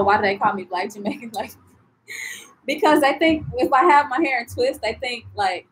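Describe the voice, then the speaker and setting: Chatty young woman vlogger, slightly high. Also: a little hiss or hum, low-quality recording. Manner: chatty and animated, heavy on "like" and "you know"; reads and answers viewer comments. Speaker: travel vlogger. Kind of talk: casual live-stream chat.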